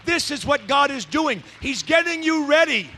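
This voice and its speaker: A man preaching a sermon as pastor, swinging between shouted passion and hushed intensity. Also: very high voice, lively intonation, moderate pace, big-room sound, slight background noise.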